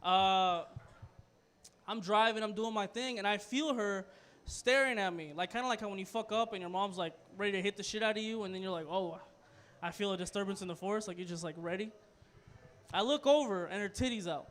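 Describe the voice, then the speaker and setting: A young man with a high voice tells a rambling stand-up story in a small comedy club. He drops to a mutter for asides, then gets loud for the punchlines. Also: brisk. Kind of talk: stand-up set.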